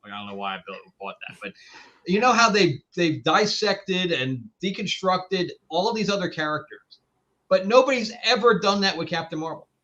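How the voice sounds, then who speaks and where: A man's voice: high-pitched, sing-song, moderate pace, sharp tone, highs cut off. A man co-hosting a podcast in casual chat, blunt and opinionated. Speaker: podcast co-host.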